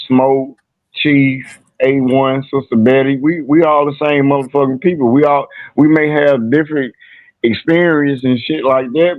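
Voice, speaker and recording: A man's voice: mid-range voice, dry recording. Man, casual stream talk, rambling, tinny phone line, dry. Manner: rambling, repeats "you know what I'm saying".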